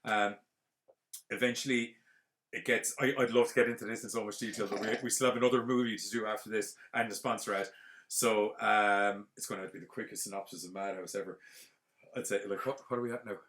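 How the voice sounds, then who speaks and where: A man, hosting a podcast and retelling a film plot in a casual, rambling, animated way full of fillers. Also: fairly low pitch, quick pace. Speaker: podcast host.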